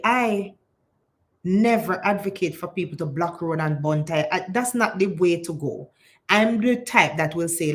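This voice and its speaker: A woman with a Jamaican accent giving impassioned vlog commentary, switching between patois and standard English. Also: lowish voice. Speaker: political commentator.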